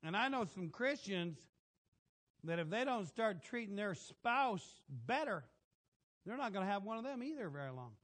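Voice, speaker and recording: Middle-aged guy preaching, real high pitched, folksy, keeps asking for amens. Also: normal speed. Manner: folksy, animated, calls for amens. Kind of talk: sermon.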